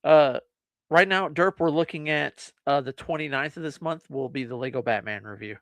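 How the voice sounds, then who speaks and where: A man's voice: fairly high pitch, moderate pace, a bit bright, no echo. A man co-hosting a casual live-stream show, laid-back, giving short replies and talking to the chat. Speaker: podcast co-host.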